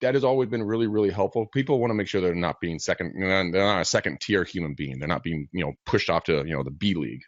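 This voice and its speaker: A man's voice: sits low, fast, hardly any pauses, no echo. A man who works as a real estate agent, chatting casually on a show and acting out both sides of the conversations in his stories. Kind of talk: casual podcast chat, storytelling. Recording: dry, slightly dull livestream audio.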